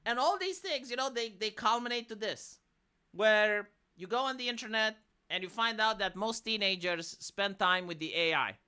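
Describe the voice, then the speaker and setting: A woman's voice: mid-range voice, moderate pace, clean tone. A woman with a Romanian accent, ranting in casual, profane commentary on a live stream. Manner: profane, exasperated, animated.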